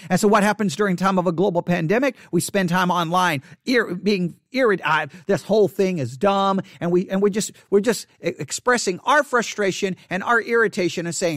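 A male pastor teaching catechesis in sermon style, emphatic and repetitive, hushing his voice for quoted thoughts. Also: sits high, lively intonation, brisk, hardly any pauses, dry recording, studio quality.

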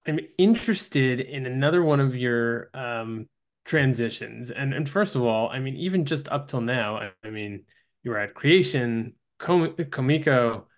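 A man hosting a podcast interview, asking long questions in a halting way, with many fillers and restarted words. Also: mid-range voice, lively intonation.

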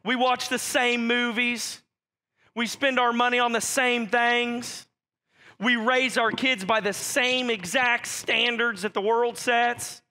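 A man preaching a sermon with a very high, bright voice. He talks to the congregation in a direct, conversational way, calling them out plainly. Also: steady tone, slow pace. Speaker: pastor.

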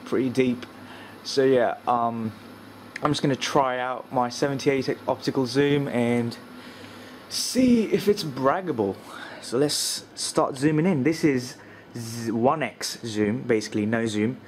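A man's voice: medium pitch, measured pace, a little hiss or hum. A chatty man, shivering in the cold. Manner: chatty, with fillers and some quiet murmured asides. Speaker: vlogger. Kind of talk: casual vlog narration. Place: outdoors at night. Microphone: built-in camcorder mic.

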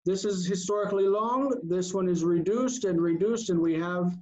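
A man teaching an online grammar lesson, drilling terms slowly and deliberately and often checking in with the class. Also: high-pitched, a little mellow. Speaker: Biblical Hebrew teacher. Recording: dull lo-fi call audio, faint noise.

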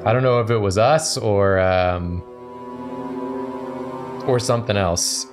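Guy on a gaming stream, lowish voice, playful, music going behind him. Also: takes it slowly. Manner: playful, jumps high when excited. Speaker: streamer co-host. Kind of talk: casual gaming stream chat.

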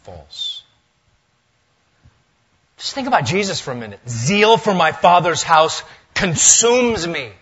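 Bright-voiced man preaching a sermon. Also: high-pitched, normal speed, breathy edge, muffled recording. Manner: lively preaching, swings from loud to hushed. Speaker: pastor. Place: church sanctuary.

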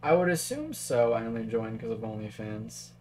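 A man's voice: medium pitch, very animated, moderate pace, darkish tone, slight background noise. A man casually commentating a chess game on a live stream, thinking aloud through moves and answering chat.

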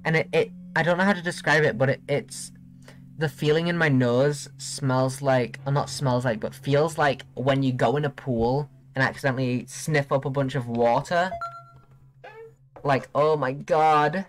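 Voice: medium pitch, fairly even intonation, moderate pace. A streamer chatting casually during gameplay, playful and giggly, teasing chat.

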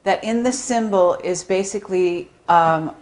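A woman's voice: fairly low pitch, measured pace, a little mellow. A woman interviewer who hesitates as she phrases a question.

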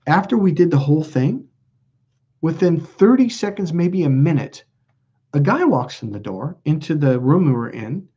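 A man with a fairly high, husky, dark-toned voice speaks animatedly at a normal pace. Hosting a casual livestream, he bluntly rambles through stories full of swearing while reading viewer comments, all on a dull lo-fi recording.

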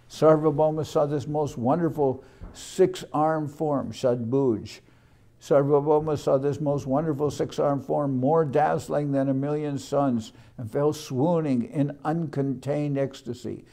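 A man, a monk leading a morning class, reading scripture aloud in a measured way, repeating phrases and adding short explanations. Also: fairly high pitch, steady tone, mellow. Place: ashram class room.

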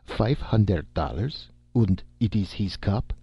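A man voicing a plump, kindly-seeming old German American swindler, speaking slowly and deliberately with a thick German accent. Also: fairly low pitch, animated, husky, no room sound, highs cut off, heavily acted. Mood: puzzled.

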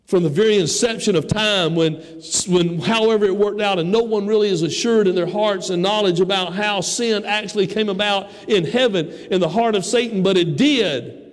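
A man with a high voice preaches a sermon and acts out the voices of the people in his story. His voice rings out with a long church reverb around it. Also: normal speed, few pauses. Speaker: pastor. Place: church sanctuary.

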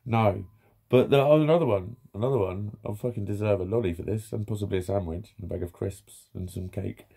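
A man's voice: on the low side, fairly even intonation, fairly quick, vocal fry, dark tone, breathy edge. A man in his fifties rambling casually in a vlog, swearing freely and chuckling to himself. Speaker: vlogger.

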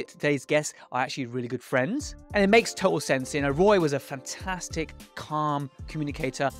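A man's voice: a little high, fairly bright tone. A man hosting a dental podcast, giving an earnest, explanatory intro and then greeting his guest. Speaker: podcast host and dentist. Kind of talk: scripted podcast intro and interview.

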